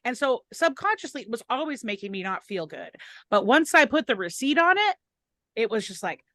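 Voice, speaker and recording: A woman guest on a chat podcast, candidly telling animated stories from her life. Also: fairly high pitch, fairly quick, no echo. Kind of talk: casual chat.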